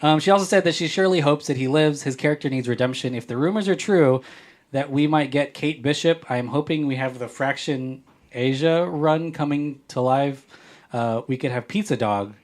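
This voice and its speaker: A man's voice: fairly high pitch, normal speed. A man hosting a podcast, chatting casually and reading listener mail in a playful, joking way. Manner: playful, jokey, rambling. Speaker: podcast host.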